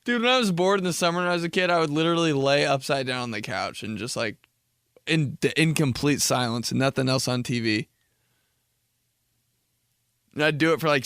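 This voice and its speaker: A man's voice: medium pitch, creaky, fairly bright tone, smooth, dry recording, clean studio sound. A man in his twenties hosting a podcast, talking in a rambling, slangy, casual monologue full of swearing. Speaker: podcast host.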